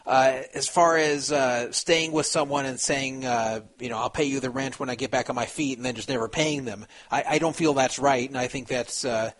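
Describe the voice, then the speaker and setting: A man hosting a talk show in a mid-pitched voice. He weighs each point slowly and hesitantly, with frequent fillers as he thinks aloud. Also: fairly even intonation. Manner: measured, hesitant, many fillers.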